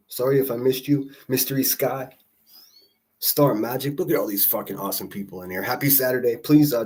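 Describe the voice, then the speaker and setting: A man's voice: mid-range voice, a little mellow, husky. Profane, mocking male livestream host. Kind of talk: casual livestream commentary.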